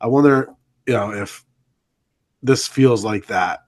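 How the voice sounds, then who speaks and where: A man on a podcast with a middle-range pitch, thinking out loud. He rambles and circles back as he muses over an idea. The tone is relaxed conversation. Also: takes it slowly. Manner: musing, rambling. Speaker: podcast co-host. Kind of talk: casual chat.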